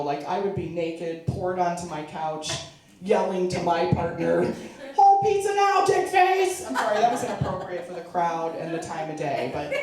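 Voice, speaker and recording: A woman's voice: lowish voice, darkish tone. A middle-aged woman doing a stand-up comedy set, chatty and self-mocking, laughing at her own jokes. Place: charity event hall. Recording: echoey room, mic far off.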